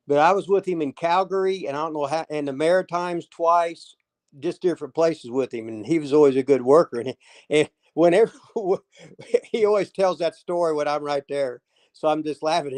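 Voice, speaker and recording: Older man, rambling wrestling stories, frequent laughs, cursing, slightly high pitch. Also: normal speed, darkish tone. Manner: rambling, laughs often, swears. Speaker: former pro wrestler, guest. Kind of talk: casual storytelling chat.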